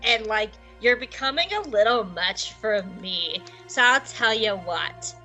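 A woman's voice: medium pitch, lively intonation, a little slow, pushed and bright, soft background music, low-quality recording. A woman voicing an exasperated old male evil emperor who talks in a casual, dismissive drawl.

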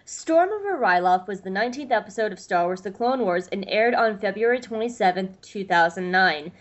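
A woman's voice: medium pitch, animated, a little fast, highs cut off. Chatty woman podcast host. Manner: chatty, filler-heavy, reads summaries. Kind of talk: casual chat and episode recap.

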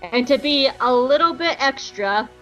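A woman's voice: sits high, animated, measured pace, a bit bright, highs cut off, faint music behind. A woman podcast host giving a casual, sarcastic and playful episode recap. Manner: sarcastic and playful, jumps into voices.

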